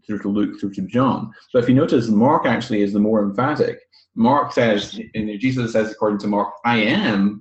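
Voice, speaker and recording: A man's voice: lowish voice, darkish tone, roomy sound, muffled recording. A man on a webinar panel making an emphatic, argumentative point. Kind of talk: webinar discussion.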